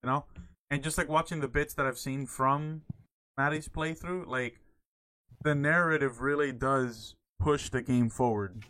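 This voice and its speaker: A man co-hosting a casual video game talk show. He speaks excitedly and leans heavily on filler words. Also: medium pitch, unhurried. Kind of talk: casual game-discussion chat.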